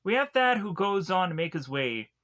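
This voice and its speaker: Man, film reviewer, casual plot recap, rambling, filler-heavy, forceful bright tone. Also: high-pitched, sing-song, moderate pace, highs cut off. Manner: rambling, heavy use of "like" and restarts.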